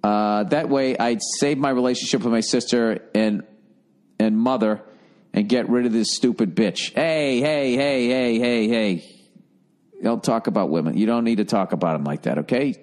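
Loud profane middle-aged man riffing. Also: fairly low pitch, normal speed. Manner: loud, profane, animated riffing with mocking put-on voices. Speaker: podcast host giving advice. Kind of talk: comedic advice podcast, reading listener letters.

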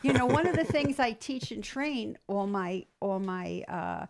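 A woman entrepreneur telling stories in an interview, lively, acting out quoted dialogue. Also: mid-range voice, measured pace, vocal fry. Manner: animated storyteller, acts out quoted dialogue. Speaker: entrepreneur guest; business trainer. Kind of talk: storytelling interview.

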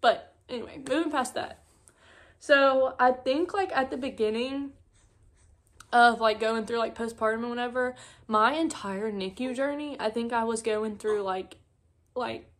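A young woman, telling her own story at home as a mother vlogger, tearful and halting, with many filler words. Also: fairly high pitch, fairly bright tone. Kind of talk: emotional personal storytelling. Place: at home on a couch.

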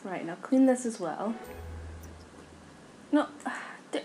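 A woman's voice: a little high, expressive, slow, pauses often, dark tone. A young woman commenting on a life-sim game, scolding her characters in exasperation. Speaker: gaming YouTuber. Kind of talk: casual Let's Play commentary.

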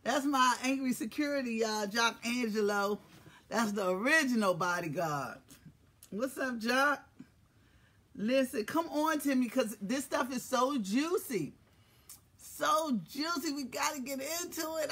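A host of a casual live-stream show, joking and swearing, who swings from quiet asides to loud shouted greetings. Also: sits high, measured pace, breathy edge. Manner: profane, joking banter.

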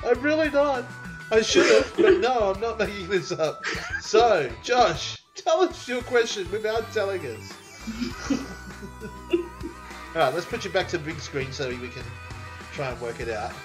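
A slow-talking Australian man with a high, very lively voice, teasing the players and laughing often. He runs a trivia game in a casual style. Music sits clearly behind him. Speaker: trivia show host. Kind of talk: casual group banter.

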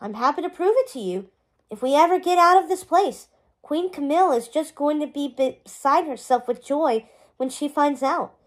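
A woman's voice: high-pitched, lively intonation, moderate pace. A woman voicing an old bearded male wizard in a storybook read-aloud, gushing and sputtering. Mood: matter-of-fact.

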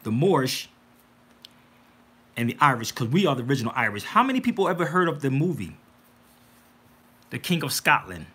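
A livestream host with a mid-range, slightly breathy voice talks fairly quickly and pauses often. He's animated and preachy, calling out to viewers directly as "y'all" in a casual yet insistent way.

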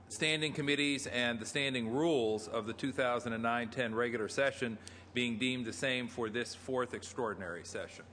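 A man's voice: medium pitch, sharp tone. A middle-aged man presiding over a legislative floor session, stating motions and rulings in formal procedural language. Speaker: presiding officer. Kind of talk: formal parliamentary chairing. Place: large legislative chamber. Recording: reverberant chamber with faint room hum.

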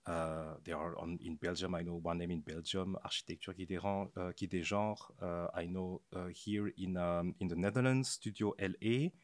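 Male podcast guest, deep voice, halting delivery with fillers, dry. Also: fairly even intonation, dry recording. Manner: hesitant, many pauses and fillers. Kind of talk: casual conversation.

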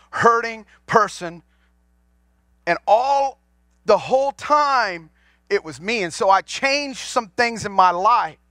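A man's voice: on the high side, a bit bright, dry recording, studio quality. A man in his forties, a pastor, preaching a sermon to his congregation in a folksy storytelling way, asking them questions as he goes. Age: 40s. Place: church sanctuary.

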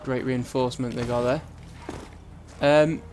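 A man's voice: mid-range voice, fairly even intonation, unhurried, a little mellow, a little hiss or hum. A young man hosting a let's-play, chatting casually and swearing freely as he plays. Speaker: gaming channel host.

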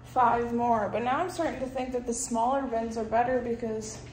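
Give me a young woman with a high voice rambling frankly in a daily vlog, tired and exasperated, over noisy phone audio. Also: steady tone, normal speed, a little mellow. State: tired and sweaty. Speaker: vlogger. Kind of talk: casual vlog chatter. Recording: phone vlog with clear background noise.

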